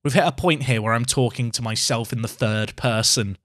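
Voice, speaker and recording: A man's voice: mid-range voice, a little fast, fairly bright tone, no echo, studio quality. A young man giving casual, self-mocking commentary on a game he is playing and talking back to it. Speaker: gaming YouTuber.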